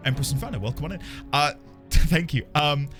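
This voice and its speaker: A man's voice: a little high, a little fast, over music. A man live-streaming a game, chatting casually with viewers, greeting them by name and playing up mock outrage.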